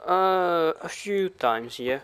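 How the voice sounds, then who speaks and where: A man's voice: high voice, animated, takes it slowly, fairly bright tone, smooth. A young man chatting over voice chat with a friend while gaming, laid-back and blunt with short replies.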